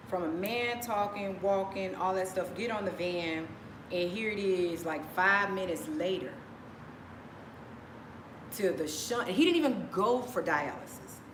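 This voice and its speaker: A woman vlogger telling a personal story in a rambling way, repeating phrases as she goes. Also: on the low side. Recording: echoey room with background noise.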